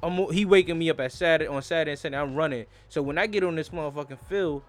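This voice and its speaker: Animated man telling slangy stories. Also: fairly high pitch, rapid-fire, faint music behind. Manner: animated storyteller, slangy and profane. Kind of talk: casual chat.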